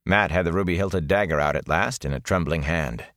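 Deep-voiced male audiobook narrator. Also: fairly quick, fairly bright tone, no echo, studio quality. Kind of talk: scripted fantasy narration.

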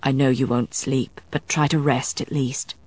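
A woman reading as a protective vampire husband in an audiobook, his voice pitched deep and kept hushed and even. He sounds calm and tender, with a dry, close sound. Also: normal speed, slightly rough, no room sound. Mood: soothing. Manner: low, soft and steady.

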